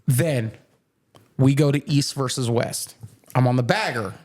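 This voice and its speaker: A man's voice: medium pitch, unhurried, darkish tone. A young man hosting a podcast, telling a rambling, profane story with plenty of swearing and laughter. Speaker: podcast host. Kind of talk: casual chat, storytelling.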